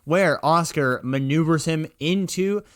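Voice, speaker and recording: A man's voice: on the high side, unhurried, fairly bright tone, dry recording, clean studio sound. A young man co-hosting a podcast, rambling through a movie recap with filler words. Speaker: podcast co-host. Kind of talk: casual chat.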